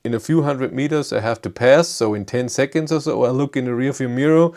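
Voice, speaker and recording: German guy rambling on a live stream, gravelly voice, lots of restarts. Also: medium pitch, a little mellow. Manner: rambling, halting, frequent restarts. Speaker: YouTube car channel host. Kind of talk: live stream chat answering viewers.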